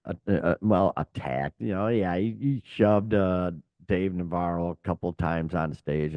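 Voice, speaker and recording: A man's voice: low voice, no echo, muffled recording. A man co-hosting a casual rock podcast, rambling through news with lots of uh and you know. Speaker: podcast co-host.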